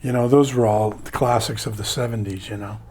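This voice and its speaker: A man's voice: fairly low pitch, steady tone, brisk, darkish tone, a little hiss or hum. A middle-aged man chatting as a guest, enthusiastic and sure of himself. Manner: enthusiastic, self-assured TV fan. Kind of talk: casual chat.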